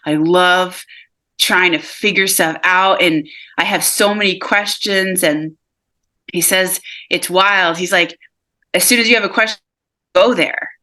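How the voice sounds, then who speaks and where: Woman medium, video call, gentle and unhurried, bright low voice. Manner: relays messages in a calm, soft, slow delivery, with frequent laughs. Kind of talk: live mediumship reading.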